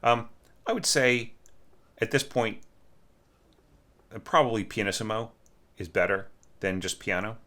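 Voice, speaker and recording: A man's voice: on the low side, measured pace, pauses often, sharp tone. A man giving a casual, candid critique of an orchestration at home, humming musical passages and talking with many fillers. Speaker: orchestration teacher. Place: home room with a snoring cat.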